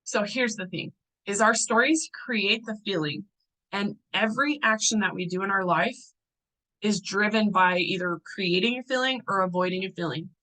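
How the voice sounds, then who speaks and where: A woman's voice: medium pitch, normal speed, sharp tone, poor audio. A young adult woman coaching a group in a casual teaching talk. She sounds chatty and loose, with fillers and restarts.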